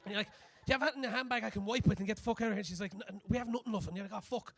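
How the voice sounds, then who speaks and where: A young man doing a crude, animated stand-up comedy set on a club stage, acting out scenes as he goes. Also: high voice, very fast.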